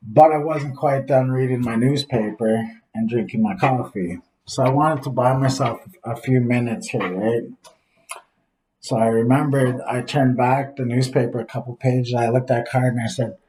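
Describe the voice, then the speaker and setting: A man speaking earnestly from his office, telling a reflective personal story as a father in recovery, with pauses along the way. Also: mid-range voice, dark tone, rough recording.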